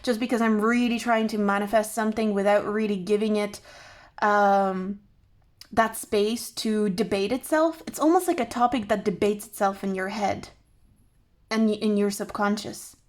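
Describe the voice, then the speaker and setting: A woman's voice: medium pitch, moderate pace. A woman tarot reader thinking aloud to camera, musing and restarting her sentences as ideas come to her. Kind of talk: intuitive tarot reflection to camera.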